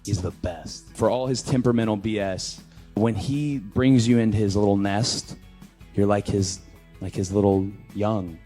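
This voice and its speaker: A wrestler in an interview, speaking earnestly and warmly about a friend, often restarting his sentences. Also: on the low side, measured pace, faint music behind. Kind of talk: casual interview talk.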